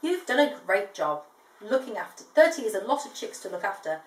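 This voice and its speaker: A woman's voice: mid-range voice, big pitch swings, a little fast, natural voice. Woman reading as a stern mother emu, demanding, echoey room. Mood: proud. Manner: bossy, demanding. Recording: echoey room, distant mic.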